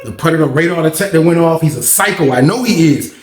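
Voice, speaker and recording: A man telling a story in a casual, animated way, acting out quotes and punch sounds. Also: on the high side, fast. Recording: echoey room.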